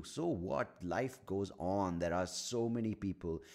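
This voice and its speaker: A man's voice: fairly low pitch, sing-song, moderate pace, gravelly, few pauses, a little mellow. A man hosting a solo podcast, ranting in a profane, sardonic way. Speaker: podcast host.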